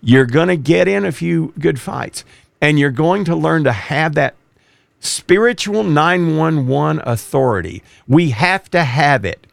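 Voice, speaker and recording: A man's voice: on the high side, animated, measured pace, creaky, no echo. A man who used to be a police officer, preaching emphatically as a radio show host. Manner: emphatic, rising to forceful exhortation. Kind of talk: preaching talk.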